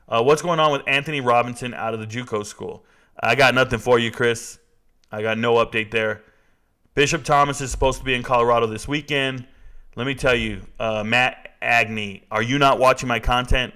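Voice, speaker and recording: Brief: man in his forties, bright forceful voice, animated casual stream host. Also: medium pitch. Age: 40s. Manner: animated, reads and answers chat. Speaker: sports talk live streamer. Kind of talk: casual live-stream chat.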